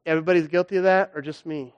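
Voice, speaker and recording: A young man preaching a sermon as a guest speaker, animated and acting out stories with big jumps in his voice. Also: racing, clear, resonant tone, lo-fi sound. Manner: animated, acts out stories with big pitch swings.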